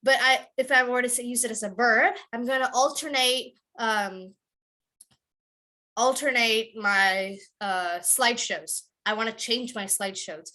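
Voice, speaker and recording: A woman teacher leading an online class, repeating each word slowly and calling on students by name to try it. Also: on the high side, sharp tone.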